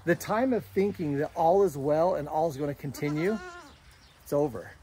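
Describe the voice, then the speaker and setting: A man's voice: a little high, expressive, moderate pace, dark tone, slight background noise. A middle-aged man talking casually and earnestly to camera outdoors on his farm, rambling with many restarts. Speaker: homesteader vlogger. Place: outdoors on a farm, goat pen and orchard.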